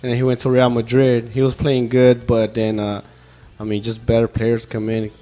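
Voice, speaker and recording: Animated man chatting about soccer. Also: mid-range voice, normal speed, faint music behind. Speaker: podcast co-host, soccer pundit. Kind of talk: casual chat.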